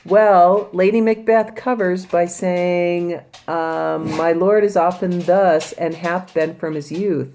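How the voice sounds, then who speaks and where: Low, gravelly-voiced woman teacher. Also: steady tone, slow pace, darkish tone, a little hiss or hum. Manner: casual, paraphrasing the characters in everyday speech. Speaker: high school English teacher. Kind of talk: recorded class explanation of a play.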